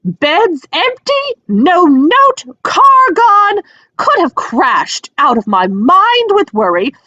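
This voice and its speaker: A woman reading aloud and voicing a fierce middle-aged mother witch who scolds her sons in a shrill tirade. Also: wildly swooping pitch, normal speed, distant mic. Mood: furious. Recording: dry, dull lo-fi sound.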